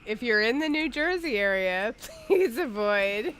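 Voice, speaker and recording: Animated and unhurried, this podcast co-host has a slightly high, somewhat bright voice. She giggles and chats casually with plenty of fillers while gaming on a livestream, over slight background noise.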